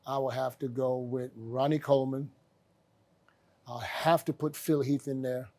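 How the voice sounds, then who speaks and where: A man's voice: mid-range voice, fairly even intonation, unhurried, mellow. A man guesting on an interview show, talking modestly and hesitantly with many restarts. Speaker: interview guest, bodybuilding trainer. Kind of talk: casual interview chat.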